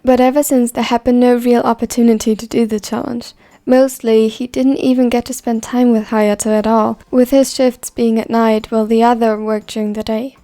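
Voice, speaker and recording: A woman narrating a fan story in an even, measured reading voice. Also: fairly high pitch.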